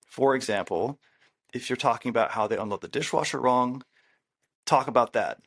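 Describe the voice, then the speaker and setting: A man's voice: medium pitch, normal speed, a bit bright. A man co-hosting a podcast as a therapist, giving relationship advice in casual chat, stressing and repeating his key rules. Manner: emphatic, repeats key rules, acts out quoted lines.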